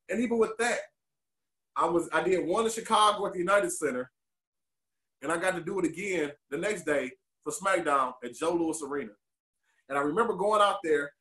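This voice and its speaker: High-voiced man telling animated stories. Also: reverberant. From Detroit, USA. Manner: animated, emotional storyteller. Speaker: podcast co-host and former pro wrestler. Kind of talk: candid storytelling interview.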